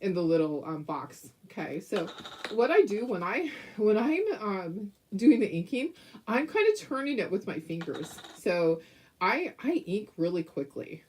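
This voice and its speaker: A woman's voice: medium pitch, sing-song, unhurried, darkish tone, slight background noise. A middle-aged woman hosting a casual craft tutorial at home, chatty and giggly, often restarting her sentences. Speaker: craft host.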